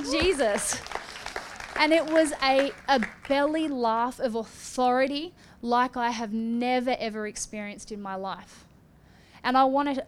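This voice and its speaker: A woman preaching and giving prophecy in a fervent charismatic style, with rising exclamations and sharp gasps. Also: on the high side, clean tone. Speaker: prophetic minister.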